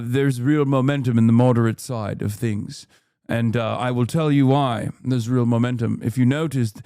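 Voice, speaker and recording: A man's voice: medium pitch, mellow, no room sound, studio quality, pitched below the performer's own voice, lightly acted. A man voicing a haughty, pompous posh British male politician with a plummy drawl, in a mocking comedic bit on a stream.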